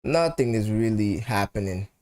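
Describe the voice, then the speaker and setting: A man's voice: lowish voice, lively intonation, moderate pace, a little mellow. Chatty Nigerian man hosting a match watchalong. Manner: chatty, repeats phrases, mixes pidgin and English. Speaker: football channel host. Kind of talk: live match watchalong chat.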